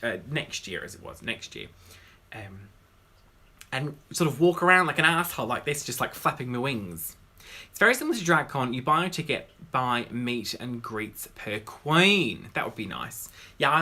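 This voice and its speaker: A man's voice: medium pitch, pushed and bright. A man, a drag queen, hosting a casual livestream Q&A, rambling and greeting viewers by name.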